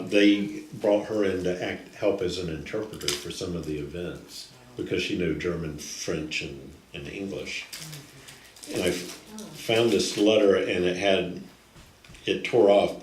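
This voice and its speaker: An older man telling personal stories slowly and haltingly, often restarting his sentences. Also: low-pitched, slight background noise. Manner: slow, halting, with frequent restarts. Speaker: guest storyteller. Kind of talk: recorded personal storytelling. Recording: echoey room, distant mic, faint ambience.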